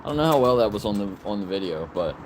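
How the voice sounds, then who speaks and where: A man's voice: on the low side, animated, racing, noisy background. A man vlogging casually outdoors in his yard, rambling about his dogs and calling out commands to them in a raised sing-song voice. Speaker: vlogger and dog owner. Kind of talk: casual chat to camera.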